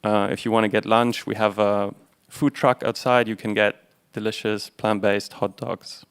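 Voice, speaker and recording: A young man from Germany speaks earnestly and steadily at a panel. His voice is lowish and flat in pitch, clear and smooth. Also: normal speed. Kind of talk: panel discussion remarks.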